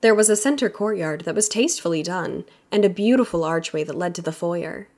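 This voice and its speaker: A woman narrating a romance audiobook with steady, even storytelling. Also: on the low side, brisk. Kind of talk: scripted narration.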